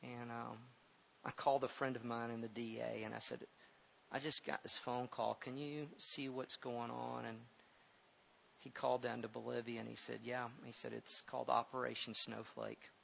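A middle-aged pastor telling a personal story in a sermon, halting and repeating words, then growing loud and emphatic as he preaches. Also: mid-range voice, little pitch movement, vocal fry. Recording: dull lo-fi recording with faint hiss.

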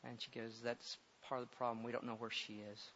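A middle-aged man preaches with a gravelly, mid-pitched voice. He stumbles and repeats words as he talks, then swells loud and emphatic. The recording is dull and lo-fi, with a faint hiss underneath. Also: monotone, quick pace. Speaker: pastor. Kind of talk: sermon with personal story.

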